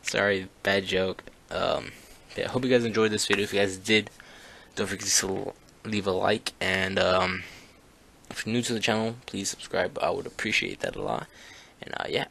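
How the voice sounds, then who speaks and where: A man's voice: low-pitched, fairly even intonation, moderate pace, vocal fry, sharp tone, a little hiss or hum. A young man telling a story from his school days in a casual vlog, rambling and swearing often, full of fillers and restarts. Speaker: YouTuber.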